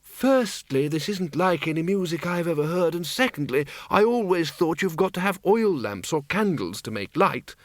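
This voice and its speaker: A man's voice: on the high side, very animated, normal speed, few pauses, dry recording, clean studio sound, voice pushed up. Man doing a mild, reasoning undead old man. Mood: puzzled.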